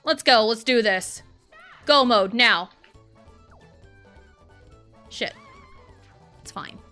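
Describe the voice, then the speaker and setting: A young adult woman streams a party game live over game music, cursing freely as she lurches between frustrated yelling and low muttering. Her delivery is very slow.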